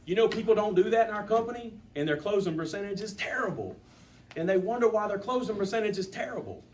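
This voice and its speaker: A man leads a sales training session in front of a group, his fairly high voice pushing points home through repetition and rising emphasis. He is picked up from a distance, and a faint hum sits under his voice. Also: expressive, fast.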